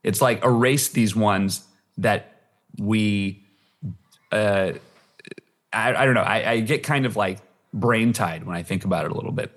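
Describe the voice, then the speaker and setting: A man hosting a podcast, talking in an animated, rambling way and laughing often. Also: fairly low pitch, a little slow, pauses often. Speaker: podcast host. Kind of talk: casual chat.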